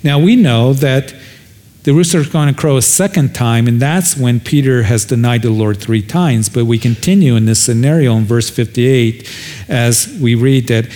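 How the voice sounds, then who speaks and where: A man's voice: medium pitch, moderate pace, warm tone. A male pastor preaching a sermon, retelling scripture dramatically and repeating his key points for emphasis.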